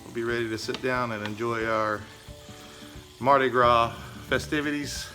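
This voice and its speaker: A man narrating his home cooking in a relaxed, chatty way, with many fillers. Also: mid-range voice, moderate pace, soft background music. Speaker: home cook.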